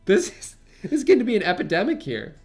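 A man's voice: high voice, fast, soft background music. A man casually recapping a movie plot on a podcast, acting out quotes and laughing often. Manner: animated retelling, laughs often, acts out quotes. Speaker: podcast co-host.

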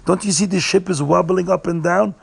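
A man voicing a frightened male passenger on a ship in a told story, with a husky, gravelly voice. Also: high voice, fairly even intonation, a little fast, pitched above the performer's own voice, exaggerated voice. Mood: alarmed.

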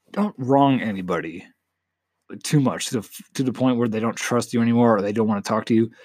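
An eighteen-year-old man talks through his own story on a solo podcast, candid and rambling, with plenty of swearing. His voice sits at an ordinary pitch for a man. The sound is dry and close, with no room around it. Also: mellow, no echo. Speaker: podcast host. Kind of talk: casual solo podcast confession.

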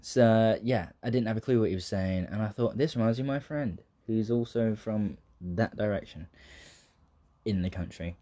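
A man's voice: fairly low pitch, moderate pace, mellow. A young man with a southern English accent talking casually in a rambling monologue, swearing freely, laughing often and drifting into tangents. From southern England.

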